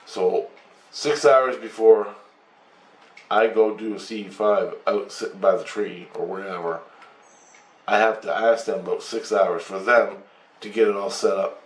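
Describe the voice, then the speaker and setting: Low-voiced man, casual profane storyteller, echoey room. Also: measured pace. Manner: rambling, profane, animated retelling with acted-out quotes. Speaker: channel host. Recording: echoey room with faint noise.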